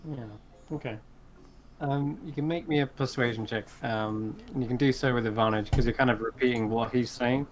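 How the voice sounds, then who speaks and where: A man's voice: mid-range voice, fairly even intonation, moderate pace, a little hiss or hum. A man narrating a tabletop game as game master in a loose, offhand way.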